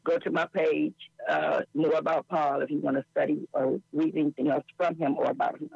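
A woman's voice: sits low, fairly even intonation, a little fast, gravelly, darkish tone, husky, dry recording, muffled recording. A woman performing a rhythmic, rhyming spoken word poem in dialect as a guest poet.

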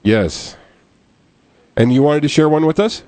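A man's voice: a little high, a little slow, darkish tone, no echo. A man hosting a live call-in poetry show, speaking in an easygoing, encouraging way.

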